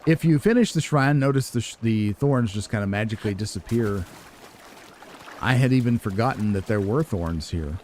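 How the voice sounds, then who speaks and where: A man giving relaxed, musing commentary as he plays a video game, chuckling at himself now and then. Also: lowish voice, normal speed, slight background noise. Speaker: let's play gamer. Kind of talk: casual gameplay commentary.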